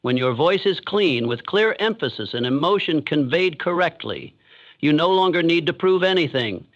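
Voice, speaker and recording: A man reads a motivational script in a measured, deliberate way, leaving pauses so each point lands. His voice sits a little high for a man. The recording is dull and lo-fi. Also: animated. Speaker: narrator.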